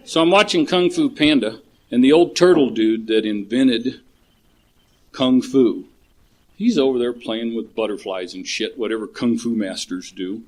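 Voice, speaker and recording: A man's voice: mid-range voice, unhurried. Older man, plain voice, blunt and profane, telling his recovery story to a meeting.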